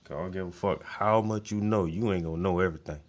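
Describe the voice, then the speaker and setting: A man with a low, deep voice talks in a loose, casual monologue. He is blunt and swears constantly, circling back on words to hammer a point home. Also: fast. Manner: profane, blunt, emphatic, repeats words. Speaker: host.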